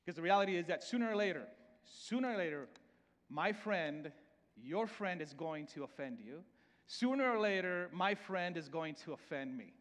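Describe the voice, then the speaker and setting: High-voiced preacher with a Salvadoran accent. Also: male voice, animated, moderate pace, a bit bright, in a large hall. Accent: Salvadoran Spanish. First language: Spanish. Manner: repeats words often and restarts, conversational preaching. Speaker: pastor. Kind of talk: sermon.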